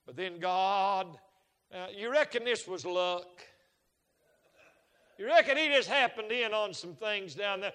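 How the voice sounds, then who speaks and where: A high, bright-voiced man preaches in a folksy storytelling manner that swells into shouted fervor. His voice rings out with a long hall reverb behind it. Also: measured pace, pauses often, smooth. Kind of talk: sermon.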